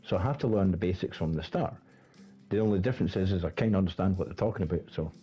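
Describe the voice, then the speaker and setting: A man's voice: low-pitched, very fast, soft background music. A Scottish man in casual chat, rambling and restarting his sentences, swearing often as a guest rating a build. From Scotland. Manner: animated, rambling, stammering restarts.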